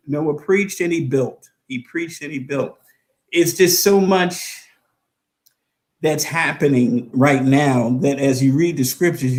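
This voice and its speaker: A man's voice: on the high side, darkish tone. A middle-aged man, a pastor, talking in a fervent, preacherly way on a live stream and repeating phrases for emphasis.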